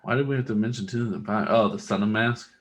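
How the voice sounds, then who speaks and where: A man's voice: on the low side, fast talker. A man co-hosting a podcast, telling long rambling stories in casual chat and swearing freely. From Texas. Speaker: podcast co-host.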